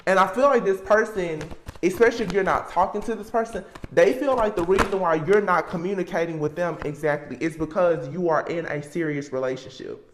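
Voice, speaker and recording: A woman's voice: on the low side, brisk. Emphatic woman reading tarot, roomy echo. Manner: emphatic, repetitive, thinking aloud. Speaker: tarot reader. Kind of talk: casual spoken tarot reading.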